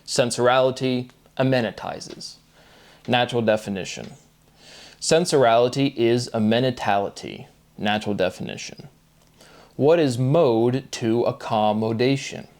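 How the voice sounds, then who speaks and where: A man's voice: medium pitch, a little mellow. A man reading aloud from his notes in a rambling monologue, pairing words and muttering asides to himself. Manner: reads word pairs aloud, muttering asides. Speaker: self-published theorist reading notes.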